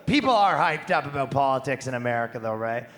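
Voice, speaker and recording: A man's voice: mid-range voice, lively intonation, fast, fairly bright tone, a little hiss or hum. A man doing a stand-up comedy set on a live stage, brash, crude and conversational, into a handheld microphone.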